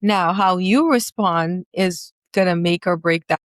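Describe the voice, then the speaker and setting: A woman's voice: lowish voice, measured pace, dry recording. A woman hosting a casual conversation, speaking in an earnest, reflective way, often using fillers like "like" and "you know.". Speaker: podcast host and coach.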